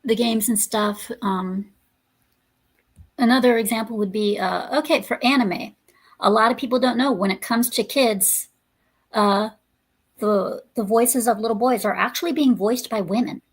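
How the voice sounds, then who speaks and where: A woman's voice: fairly high pitch, normal speed, breathy edge. Blunt, ranting woman podcast host. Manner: blunt, ranting, profane, with many fillers. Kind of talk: casual podcast chat.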